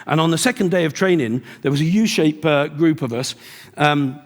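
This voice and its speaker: A man's voice: on the high side, moderate pace. A middle-aged man giving a live keynote talk as a motivational speaker, telling stories and acting out the dialogue. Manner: storytelling with acted-out dialogue. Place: large event hall. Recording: long hall reverb at a live event.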